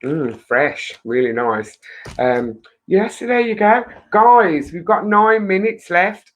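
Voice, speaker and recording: A woman's voice: fairly low pitch, animated, slow, dull audio. A woman hosting a charity live stream, chatting loosely to viewers, rambling and laughing often into her webcam.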